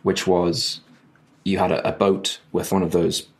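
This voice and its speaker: A man's voice: low-pitched, flat delivery, measured pace. A man co-hosting a podcast, chatting casually in a rambling, self-interrupting and jokey way. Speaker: podcast co-host. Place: at home during rain, remote call.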